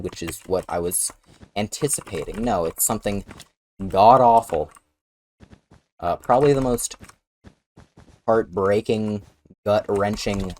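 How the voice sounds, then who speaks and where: A man with a deep, low voice tells a story straight to the camera in a loose, casual way. His telling is blunt and full of swearing and dry sarcasm. A faint noise sits behind him. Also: a little mellow. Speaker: storyteller recounting a personal experience.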